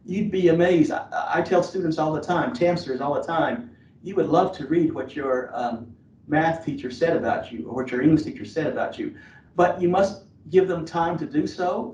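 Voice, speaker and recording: A man's voice: a little high, a little mellow. A man speaking as an admissions officer in a webinar, giving earnest advice with many fillers and restarts. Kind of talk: webinar presentation. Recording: roomy, distant, dull lo-fi webinar audio.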